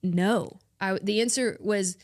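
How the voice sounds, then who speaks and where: A woman co-host with a slightly low voice speaks earnestly in casual talk among friends. She affirms the others warmly, laughs often, and sounds close to the mic in a dry room. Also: measured pace, vocal fry, dry recording. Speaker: podcast co-host.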